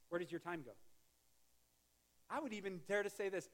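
A man's voice: high-pitched, moderate pace. A male pastor giving a conversational sermon, with joking asides and restarts. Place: church sanctuary.

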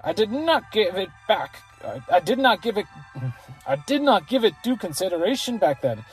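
A player voicing a pompous old lord from a fantasy game, with a deliberately bad mock burr and slow, drawn-out phrasing. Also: mid-range voice, a little mellow, soft background music, close to an everyday voice.

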